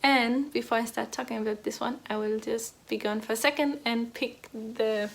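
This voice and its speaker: Young woman chatting about knitting at home, rambly, kinda high voice. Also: fairly even intonation, normal speed, creaky. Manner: chatty, rambling, many fillers and restarts. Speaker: knitting podcast host. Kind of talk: casual chat.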